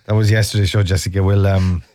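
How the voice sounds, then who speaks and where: A man's voice: low-pitched, little pitch movement, fast talker, heavy background noise. A man hosting a radio show, rambling and self-mocking as he chats and bluntly teases callers. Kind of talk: casual radio chat.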